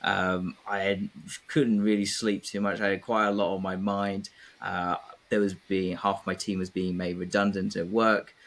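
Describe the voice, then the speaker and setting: A man's voice: sits low, little pitch movement, normal speed, a bit bright. A man from England, a guest in a casual conversation, speaking reflectively with frequent fillers. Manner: reflective, many fillers and hesitations.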